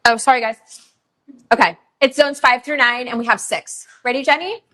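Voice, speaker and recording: A woman hosting a live shopping stream for roses, chatting casually with lots of fillers and pauses. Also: a little high, pushed and bright. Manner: chatty, many fillers, emotional at times. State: tearful. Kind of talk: live sales stream chat. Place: rose farm, humid.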